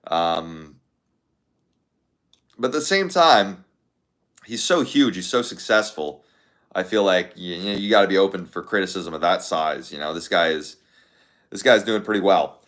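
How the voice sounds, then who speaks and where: Rambling young man, low voice. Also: normal speed, long pauses, fairly bright tone. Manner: rambling, filler-heavy, thinking aloud. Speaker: content creator. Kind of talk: casual chat to viewers.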